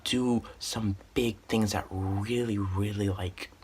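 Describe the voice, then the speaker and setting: Young man, storytime vlogger: husky lower voice, earnest, rambling, heartfelt. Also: steady tone, slow pace, a little mellow. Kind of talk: casual storytime narration.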